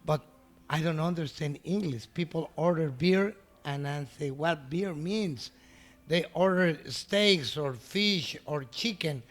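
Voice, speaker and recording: A middle-aged man whose first language is Spanish tells an animated story in broken English, laughing often and acting out the voices of other people. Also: on the high side, slow pace. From Mexico. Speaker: restaurant owner. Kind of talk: storytelling in an interview.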